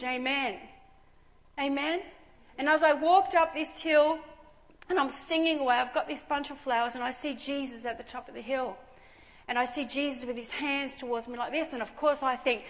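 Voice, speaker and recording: A woman giving an animated testimony sermon, swinging between hushed and loud, in a church hall. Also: high voice, normal speed. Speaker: preacher. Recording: echoey hall reverb.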